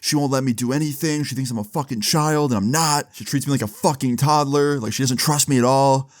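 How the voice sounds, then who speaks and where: A man's voice: mid-range voice, fairly quick, no room sound, pitched above the performer's own voice, natural voice. A man voicing his angry, rebellious sixteen-year-old friend, who is defiant and cusses. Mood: irritated defiant. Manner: cussing, defiant.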